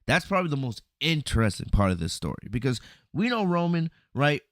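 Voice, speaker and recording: A man hosting a podcast, recapping a wrestling event in a casual, animated storytelling way, often asking "right?" and acting out lines. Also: fairly high pitch, fairly quick, no echo, studio quality. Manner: animated storytelling, acts out quotes, frequent "right?" and "you know". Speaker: podcast host reviewing wrestling. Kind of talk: casual solo review commentary.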